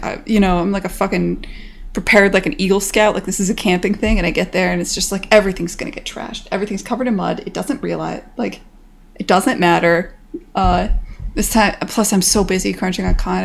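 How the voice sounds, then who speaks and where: A woman's voice: mid-range voice, gravelly, a little hiss or hum. An American woman in her thirties, a game developer chatting casually on a stream in a rambling way, swearing freely.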